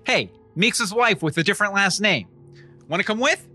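A man's voice: high-pitched, expressive, moderate pace, sharp tone, faint music behind, full character voice. An actor playing a brash, crude, blustering TV newsman in a comedic audio play. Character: brash profane male TV newsman.

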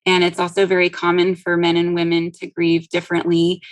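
Gentle low-voiced woman host, flat and even. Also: fairly quick, no room sound, poor audio. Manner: gentle, compassionate, steady. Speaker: interview host, grief support group leader. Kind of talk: interview questions.

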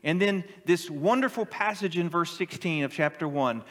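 A middle-aged pastor preaching a sermon in a church, animated and joking with the congregation. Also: male voice, a little high, moderate pace, few pauses. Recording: long hall reverb.

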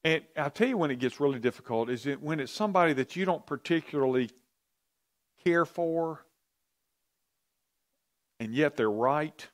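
His voice is fairly high and animated, delivered at normal speed with long pauses. He is a pastor or Bible teacher running an interactive, conversational church teaching, asking the audience questions and repeating himself often.

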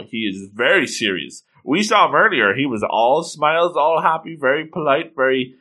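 A man giving casual, excitable commentary as he reads through a comic, with playful exclamations. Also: a little high, normal speed, few pauses. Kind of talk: casual read-along commentary.

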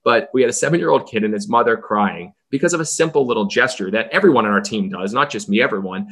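Fast-talking energetic man telling stories. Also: lowish voice. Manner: energetic, acts out quoted voices. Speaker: baseball team owner, guest. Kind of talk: storytelling podcast guest.

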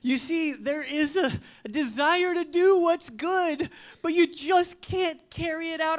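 A pastor delivers a sermon emphatically and without hurry, swinging between loud, high bursts and hushed lines that are almost whispered.

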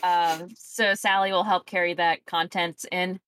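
A woman's voice: on the low side, little pitch movement, a little slow, fairly bright tone. Rambling woman running a tabletop game. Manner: rambling, many fillers. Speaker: game master. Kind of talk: casual tabletop game chat.

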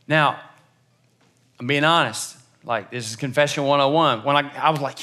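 Man, young pastor, fairly high bright voice, chatty sermon, quiet to loud swings. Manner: conversational, self-deprecating storytelling with playful asides; swings from hushed and slow to loud and animated. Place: church.

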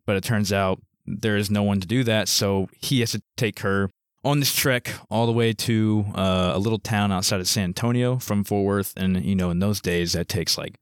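A man on a movie podcast, summing up a film's plot in a relaxed way with frequent fillers. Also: fairly low pitch, normal speed, smooth, dry recording, studio quality. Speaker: podcast co-host. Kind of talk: casual movie discussion.

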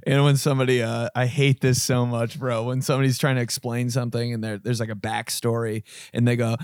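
A man co-hosting a podcast in casual chat, teasing and animated, often laughing through what he says. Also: medium pitch, a little fast, hardly any pauses, clean tone, no room sound, clean studio sound. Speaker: podcast co-host.

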